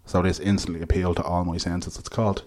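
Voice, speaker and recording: A man's voice: deep voice, little pitch movement, quick pace, darkish tone. An Irish man hosting a live podcast from a hotel, joking and laughing in casual chat. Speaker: podcast host.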